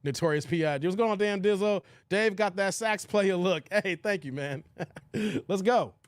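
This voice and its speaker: High-voiced animated man hosting a stream. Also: normal speed, no echo, studio quality. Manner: animated, exclamatory, talks straight to chat. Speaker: livestream reaction host. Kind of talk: casual reaction livestream chat.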